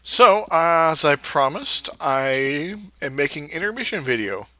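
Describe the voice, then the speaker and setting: A man talks through his game in a loose, wandering way, stopping and restarting his sentences. His voice is very bright and forward. It is recorded close and dry. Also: a little high, sing-song, a little slow, dry recording. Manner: rambling, many fillers and restarts. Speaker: Let's Play creator. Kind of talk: casual gameplay commentary.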